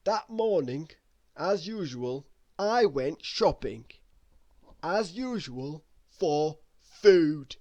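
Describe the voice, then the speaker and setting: A woman reading a bedtime story aloud in an expressive, unhurried way. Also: low-pitched, dry recording, highs cut off.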